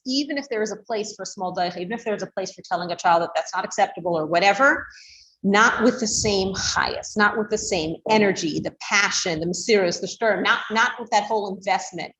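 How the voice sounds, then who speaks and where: A woman teacher lectures to a small class in an echoing room, her voice sitting at an ordinary middle pitch. She explains conversationally, full of fillers and restarts, and now and then acts out the tones parents use. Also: brisk, a bit bright. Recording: roomy echo.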